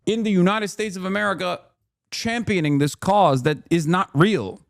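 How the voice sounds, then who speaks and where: A man in his thirties ranting and reading aloud in a live-stream commentary, fast and sarcastic. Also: high-pitched, expressive, creaky, no room sound, clean studio sound. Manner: fast, heated, sarcastic rants. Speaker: streamer reacting to news clips.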